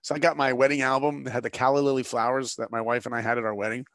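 Gravelly-voiced man telling an earnest story. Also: medium pitch, flat delivery, racing, fairly bright tone, no echo, clean studio sound. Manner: earnest, preacher-like, asks rhetorical questions. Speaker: guest, animation director. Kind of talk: dramatic storytelling in conversation.

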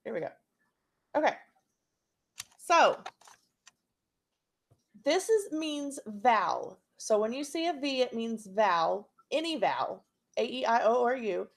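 A woman with a fairly high, gravelly voice and lively intonation teaches young students a phonics and spelling lesson. She goes slowly and patiently, checking in often with "okay?"

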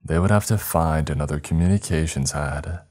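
A man reading the first-person account of a grieving older woman, a former space communications chief, in slow, somber scripted horror narration. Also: a bass voice, a little mellow. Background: faint music.

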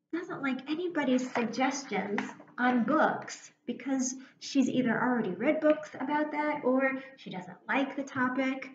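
A woman teaching a recorded reading lesson for young children, speaking slowly and clearly, encouraging them and pausing for their answers. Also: high voice, fairly bright tone. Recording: echoey room, dull sound, faint hiss.

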